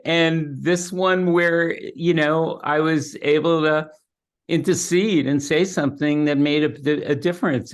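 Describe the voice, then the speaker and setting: An older man talking as a guest in a casual conversation, slow and halting with frequent restarts. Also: a little high.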